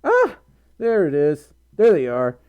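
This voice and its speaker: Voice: medium pitch, huge pitch swings, slow pace, muffled recording. A live streamer chatting casually and reading out donations, giggling, rambling and running themselves down. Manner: giggly, rambling, flustered, self-deprecating.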